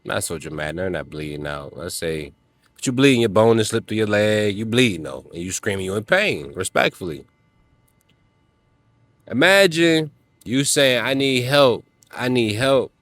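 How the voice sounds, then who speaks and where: A man's voice: fairly low pitch, lively intonation, moderate pace, a bit bright, dry recording. A man giving a motivational talk to other men, emphatic and preachy, speaking in casual slang. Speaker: self-help vlogger.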